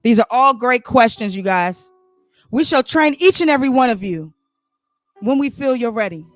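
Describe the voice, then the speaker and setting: A man's voice: extremely high pitch, expressive, moderate pace, no room sound, soft background music. A man voicing a grandstanding male leader rallying a crowd in a comic spoken story.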